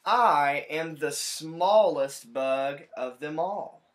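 A man voicing a proud tiny male bug in a storybook reading, speaking slowly in a raised, higher voice.

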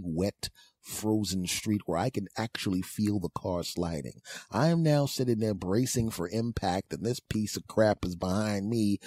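Man, middle-aged, podcast host, sarcastic rant, mellow tone, dry sound. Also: lowish voice, breathy edge, no echo. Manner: sarcastic, exasperated, repeats phrases for emphasis. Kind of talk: comic ranting storytelling.

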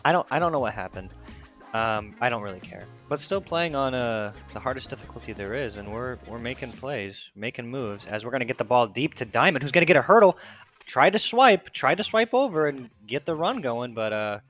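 A man's voice: mid-range voice, expressive, fairly quick, fairly bright tone, faint music behind. A young man giving casual, sarcastic play-by-play commentary on his football video game, swearing often. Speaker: gaming video host.

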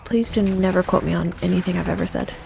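A woman's voice: lowish voice, fast, vocal fry, a little mellow, soft background music. A woman giving let's play commentary while gaming, panicky and self-mocking, often repeating herself. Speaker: gaming streamer.

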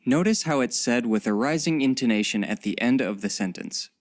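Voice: medium pitch, expressive, a little fast. Plain narrator of a lesson video. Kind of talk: scripted narration.

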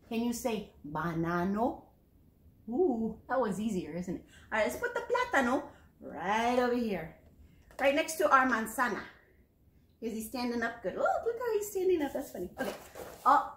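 Preschool teacher, female, high and animated, unhurried and coaxing, recorded in a roomy space. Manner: animated, exaggerated teacherly encouragement. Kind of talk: sing-song lesson for young children.

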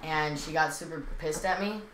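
A woman's voice: low voice, normal speed, crowd noise. A teenage girl co-hosting a podcast who rambles through school stories in a casual chat, with many fillers and silly asides. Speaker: podcast co-host. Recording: echoey room with faint noise.

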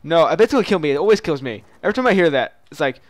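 A young man casually commenting while playing a shooter game, excitable and prone to loud yelps and mock-dramatic taunts. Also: fairly high pitch, rapid-fire, no room sound. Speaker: gaming channel host. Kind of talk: live gameplay commentary.

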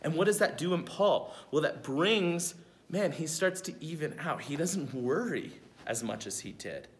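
A young man acts as a youth speaker at camp, delivering a laid-back devotional lesson to kids. He chats easily, poses rhetorical questions, and checks in with his listeners. His voice sits a little high and moves a little slowly.

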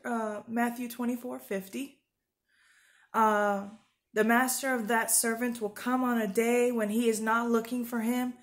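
A woman with a somewhat high voice gives an informal, earnest sermon straight to her viewers. She sounds urgent and rambles a little, circling back with fillers and restarts. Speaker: Christian video preacher.

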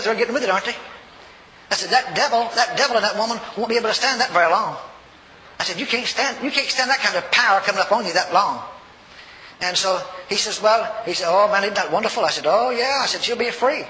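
An older man preaching a sermon, telling a story in a folksy, animated way and acting out the voices. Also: high-pitched. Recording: reverberant hall, faint noise.

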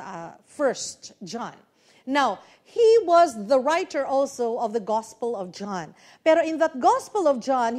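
A woman pastor with a Filipino Cebuano accent delivers an emphatic sermon in a fairly high voice. She rises into loud, stressed phrases and then drops to quiet endings, moving between English and Cebuano. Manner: emphatic preaching with sudden swells and drops in loudness, mixing English with Cebuano.

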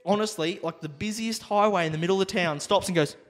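A man's voice: high-pitched, fast talker. A man, casually telling a rowdy story on a podcast, acting out the other people in it. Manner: animated, acts out the other people in his stories. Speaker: podcast co-host. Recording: reverberant room.

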